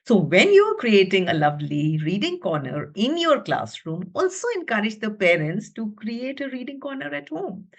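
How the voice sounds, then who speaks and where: A woman teacher giving an expressive storytelling webinar from her room. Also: medium pitch, moderate pace, hardly any pauses, breathy edge. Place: her own room at home.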